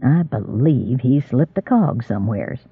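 Man putting on an older squire, drawl, gruff, dry, deep, lively pitch. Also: a little slow, dry recording, phone-quality sound, full character voice.

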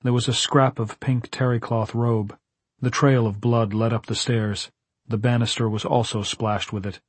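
Close, dry audio with no room sound carries a male audiobook narrator's husky, slightly breathy voice at medium pitch. He delivers scripted narration flatly, yet in a measured, dramatic way.

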